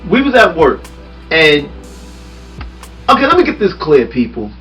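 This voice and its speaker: A man hosting a relaxed podcast, pitching his arguments through questions and quick laughs. His voice moves a lot, rising and dropping as he talks. He sits a bit back from the mic, with faint music underneath. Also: distant mic, low-quality recording. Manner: animated, laughs often, builds arguments with questions. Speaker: podcast host. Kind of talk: casual podcast chat. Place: studio room with a small audience.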